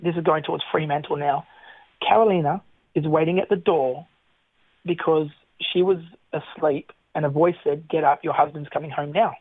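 A slightly high-voiced man shares his faith testimony as a radio guest. He tells it earnestly, stumbles and restarts often, and chuckles between lines. The sound is thin and phone-like, with a dry, close feel. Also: no echo. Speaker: interview guest. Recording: tinny phone line, dry.

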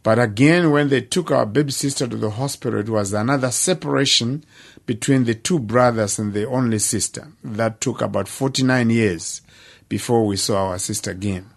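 An older man tells his life story at a middling pitch. He speaks earnestly and plainly, pausing for weight between phrases. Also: vocal fry. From Zimbabwe. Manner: earnest, plain-spoken storytelling with dramatic pauses. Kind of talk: personal testimony.

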